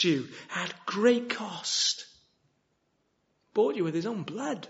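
Male preacher, high voice, earnest sermon, loud appeals and hushed asides, dull lo-fi sound. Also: expressive, takes it slowly, pauses often. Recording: dull lo-fi recording.

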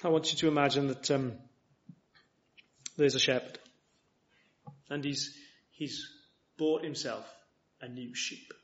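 A man preaching a sermon earnestly, swinging from loud appeals to hushed, quiet lines. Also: medium pitch, fairly even intonation, takes it slowly, pauses often. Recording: dull lo-fi recording.

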